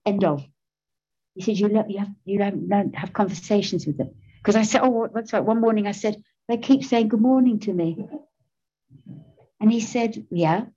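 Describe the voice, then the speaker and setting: A woman's voice: mid-range voice, moderate pace, long pauses, warm tone, slightly rough. Middle-aged woman telling her recovery story, laughs a lot, pokes fun at herself, kinda muffled lo-fi sound. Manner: candid, self-mocking, laughs often. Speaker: speaker sharing recovery story. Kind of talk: personal testimony talk.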